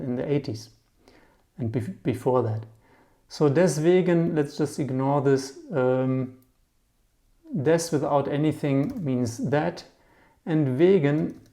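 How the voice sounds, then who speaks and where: A man teaching German vocabulary in a relaxed, chatty lesson, often checking in with a quick "yeah?" while he explains words with memory tricks. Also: medium pitch, creaky.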